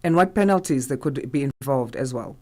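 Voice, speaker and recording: A news show host asking an expert clear, brisk questions in a radio interview. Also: mid-range voice, animated, darkish tone.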